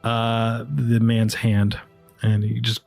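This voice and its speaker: A man's voice: mid-range voice, monotone, slow, gravelly, a little mellow, faint music behind. A man narrating a tabletop game as game master, casual and rambling.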